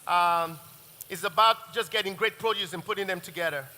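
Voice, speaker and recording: A man's voice: high-pitched, brisk, pushed and bright. A man chef giving a live cooking masterclass, chatty and rambling, often restarting his sentences. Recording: long reverb of a large hall.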